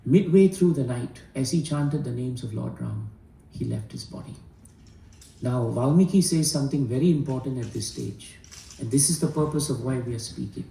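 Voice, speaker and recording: Gravelly, earnest male storyteller in an echoey room. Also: mid-range voice, normal speed, mellow, distant mic, a little hiss or hum. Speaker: spiritual storyteller. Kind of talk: devotional storytelling talk.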